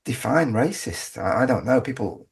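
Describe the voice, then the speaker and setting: Gravelly, husky low-voiced man. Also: sing-song, normal speed. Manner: emphatic, argumentative, with frequent restarts. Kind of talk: conversational interview.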